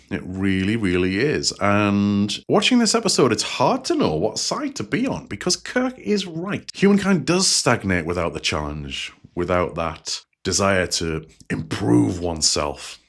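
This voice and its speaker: A man with a fairly low voice talks through a TV episode as a show host. His recap is casual and chatty. He pauses now and then to reflect on what the story means. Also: fairly bright tone.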